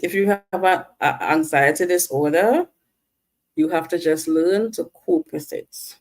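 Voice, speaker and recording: A woman vlogger talking to camera, earnest and coaching, often checking in with "right?". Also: sits low. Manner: slow, earnest, coaching viewers directly; asks "all right?" and "right?" to check in. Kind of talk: personal talk to camera.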